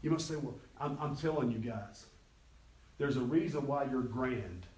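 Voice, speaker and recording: Folksy preacher in an echoey hall. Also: male voice, mid-range voice, moderate pace, darkish tone. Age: middle-aged. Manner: folksy preaching with storytelling and quoted dialogue. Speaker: pastor. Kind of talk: sermon. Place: church sanctuary. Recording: echoey hall, distant mic.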